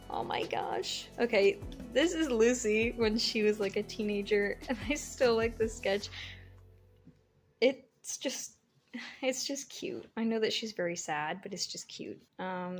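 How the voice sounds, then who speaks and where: A young woman rambles cheerfully through her old sketches, laughing often and trailing off into fillers. Her voice sits at an ordinary pitch, with soft music playing faintly underneath. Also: breathy edge. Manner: chatty and giggly, rambling with many fillers. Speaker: artist vlogger. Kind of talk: casual sketchbook tour narration.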